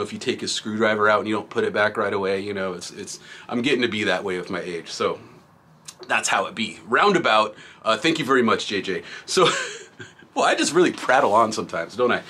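A man's voice: fairly low pitch, sharp tone, breathy edge. A middle-aged man hosting a graffiti supply channel, reading viewer comments in a laid-back, rambling way and laughing often. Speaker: graffiti product reviewer and shop host.

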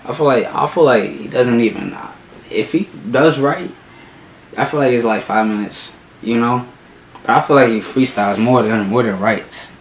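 A man's voice: mid-range voice, normal speed, echoey room, slight background noise, poor audio. A man hosting a casual reaction vlog, stuffy from a cold, laid-back and repeating himself. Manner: laid-back, repeats "you know what I'm saying". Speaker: YouTube reaction host.

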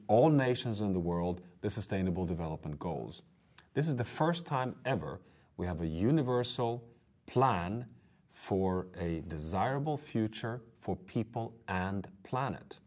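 A man's voice: lowish voice, a little mellow. A man giving an online course lecture, speaking earnestly and with emphasis, addressing viewers directly.

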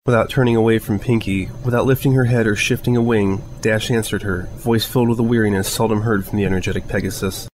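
A man with a fairly low voice reads a story aloud. His narration is calm and even. A faint hiss sits under the recording. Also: fast talker, hardly any pauses, poor audio. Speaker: fanfiction reader.

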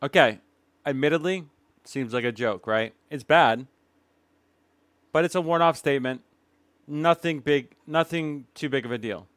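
Emphatic man with a smooth, dry voice. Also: on the high side, fairly bright tone, no echo. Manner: emphatic, indignant, with dramatic pauses. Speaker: commentary YouTuber. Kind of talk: reaction commentary.

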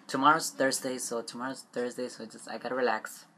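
A young man rambling in a confessional vlog, upset and stressed, halting and trailing off with frequent swearing. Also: mid-range voice, fairly even intonation, pushed and bright, slight background noise.

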